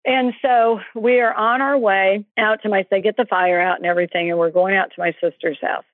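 A woman's voice: mid-range voice, fairly even intonation, a little fast, no echo. A middle-aged woman tells a heartfelt personal story as an interview guest. She talks in an earnest, breathless way and acts out what people said. Her voice comes through a thin, phone-like line with no room sound.

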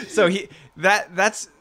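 A man's voice: high voice, sharp tone. A man co-hosting a podcast in casual chat, rambling with restarts and frequent laughter. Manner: rambling, self-interrupting, laughs often. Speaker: podcast co-host.

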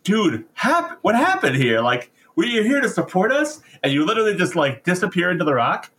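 A man's voice: sits high, big pitch swings, fairly quick, fairly bright tone, pitched above the performer's own voice. A man voicing bewildered, indignant elven mages in a slangy, incredulous way.

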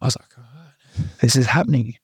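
A man's voice: mid-range voice, moderate pace, breathy edge, no room sound, studio quality. A young Australian man, a podcast guest, telling his personal story candidly, often repeating himself and adding "like" and "right". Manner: earnest, repeats himself, full of likes and rights.

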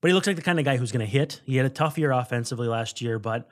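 Co-hosting a baseball podcast, a man with a medium-pitched voice races through his scouting notes. It's casual sports chat, rambling and full of self-corrections.

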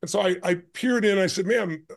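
A man telling a story as a podcast guest, his voice pitched somewhat high for a man. He talks with strong emphasis and rushes ahead in fast bursts. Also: gravelly. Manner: emphatic, intense, speeds up in bursts. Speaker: guest, life and business strategist.

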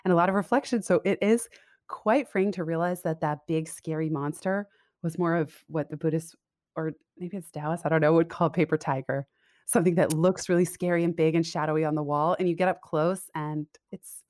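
A woman guest talks through a remote interview in a slightly low voice, thoughtful and candid, with frequent small laughs and restarts. The sound is dry, close and free of any room. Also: fairly even intonation, brisk, darkish tone, no echo. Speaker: guest, career coach and business owner. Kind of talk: reflective conversational interview. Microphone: remote call audio.

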